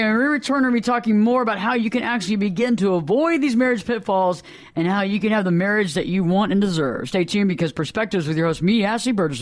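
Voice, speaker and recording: A man hosting a radio talk show, telling anecdotes in lively casual chat and acting out the people in them. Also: high voice, dry recording. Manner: animated, acts out voices in anecdotes.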